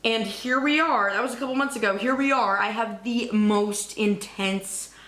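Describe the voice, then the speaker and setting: A young woman vlogging in a casual, rambling, excitable way, cursing now and then. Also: a little high, normal speed, reverberant. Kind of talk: casual chat.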